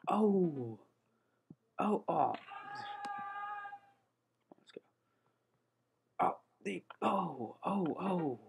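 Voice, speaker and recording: Slow-talking young guy narrating games. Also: high voice, gravelly, darkish tone, slight background noise. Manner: frequent startled "oh" exclamations while playing; hums "da da da" while concentrating. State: slightly out of breath. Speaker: gaming channel host. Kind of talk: casual let's-play commentary.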